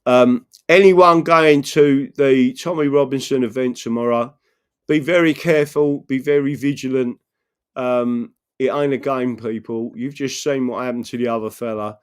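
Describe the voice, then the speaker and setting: A man's voice: medium pitch, fairly even intonation, normal speed, few pauses, smooth. A man hosting a live political stream, rambling earnestly, often asking "right?" and reading out viewer messages. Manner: reads out and answers viewer messages. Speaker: political livestream host.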